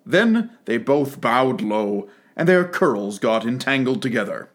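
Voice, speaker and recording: A man reading a classic storybook aloud with expressive, animated storytelling. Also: mid-range voice, unhurried, hardly any pauses. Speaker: narrator.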